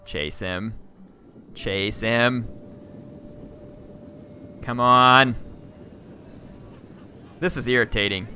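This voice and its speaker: A man live-streaming a strategy game, excitably yelling orders at his units and chatting with viewers. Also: fairly low pitch, a little hiss or hum.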